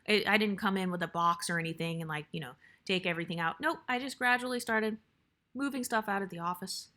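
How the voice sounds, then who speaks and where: A young woman telling a casual storytime about her workplace, blunt and animated, swearing freely and acting out what others said. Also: medium pitch, fast talker.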